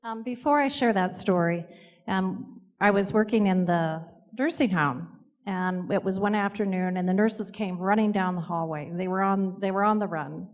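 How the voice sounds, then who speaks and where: Gentle woman telling stories in a hall. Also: medium pitch, moderate pace, muffled recording. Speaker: co-author and speaker. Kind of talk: storytelling talk.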